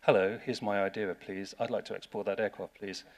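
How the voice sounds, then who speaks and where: A man's voice: on the low side, flat delivery, fairly quick, a little hiss or hum, close to an everyday voice. A man voicing an overly polite male aircraft lessor making a request. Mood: mock-polite.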